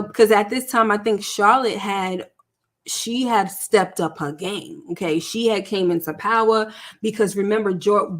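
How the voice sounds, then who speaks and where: A woman vlogger talking through a TV series recap in a loose, chatty way, full of "like" and "you know" and checking in with "right?". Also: mid-range voice. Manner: chatty, filler-heavy, asks for agreement. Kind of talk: casual TV show recap.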